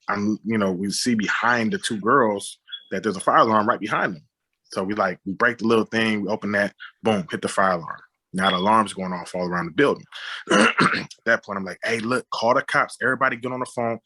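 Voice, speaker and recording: A man sits for an interview and retells a story in a lively way, voicing gunshots and what people said. His voice is low and husky with a bright, forceful edge. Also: fairly quick. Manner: animated retelling with sound effects and quoted dialogue. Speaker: interview guest, director and writer. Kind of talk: conversational storytelling.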